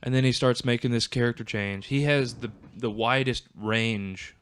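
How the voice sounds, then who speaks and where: A man's voice: medium pitch, normal speed, fairly bright tone, slight background noise. A man guest on a casual podcast, talking in a thoughtful, analytical way.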